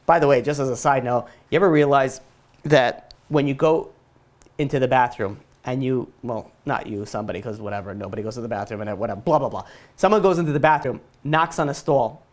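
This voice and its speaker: Casting: man, rabbi giving a relaxed lesson, joking and digressive, mid-range voice. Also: mid-range voice, a little fast. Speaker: rabbi teacher. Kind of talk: casual Torah lesson.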